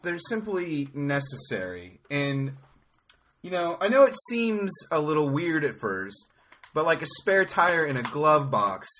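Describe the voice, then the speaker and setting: A man co-hosting an improvised comedy podcast in a mock-formal, deadpan debating manner. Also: fairly high pitch, a little slow, a little hiss or hum.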